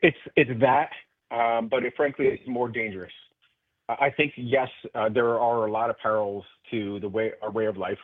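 A man guest on a political radio interview, talking earnestly with many halting restarts over a phone line. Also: medium pitch, steady tone, no echo. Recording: tinny phone line, dry.

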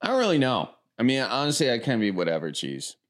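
A man from the American Midwest answering rapid questions in an easygoing, rambling way. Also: medium pitch, wildly swooping pitch, fairly bright tone. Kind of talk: casual chat.

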